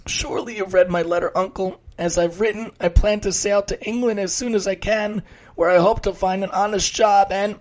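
An earnest young boy in a storybook, speaking in a raised, earnest voice with quiet resolve. A man reads him lightly. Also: sits high, steady tone, normal speed, pitched above the performer's own voice, lightly acted. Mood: pleading. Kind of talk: storybook reading.

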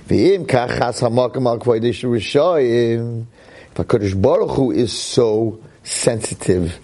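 Animated rabbi giving a Torah lecture. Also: male voice. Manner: excitable, swings from low asides to high, near-shouted exclamations; peppers speech with Hebrew terms and "right?".

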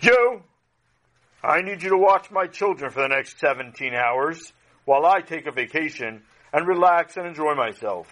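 A man's voice: on the high side, lively intonation, moderate pace, a bit bright. A man voicing a cruel, commanding Egyptian master who threatens his servant in a children's audio story. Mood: bossy. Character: bossy cruel Egyptian master, male adult.

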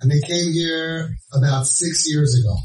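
A man's voice: a little high, unhurried. A man giving a storytelling talk to a live audience, joking and acting out the dialogue as he counsels families. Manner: animated and joking, acts out the dialogue. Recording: echoey, voice from far off.

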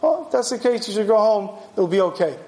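A man's voice: sits high, lively intonation, quick pace, a little mellow, roomy sound. A man doing a scornful old priest.

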